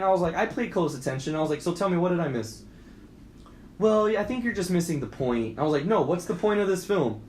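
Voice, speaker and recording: Young male co-host, fairly high voice, rambling and profane, echoey room. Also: lively intonation, fast talker. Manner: rambling, profane, acts out quoted lines in a higher voice. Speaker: podcast co-host. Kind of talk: casual movie rant. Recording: echoey room with faint background noise.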